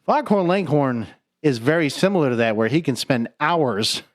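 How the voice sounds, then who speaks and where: A man's voice: on the high side, lively intonation, normal speed. A man co-hosting a podcast in casual chat, rambling with many fillers. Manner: rambling, filler-heavy, laughs often. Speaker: podcast co-host.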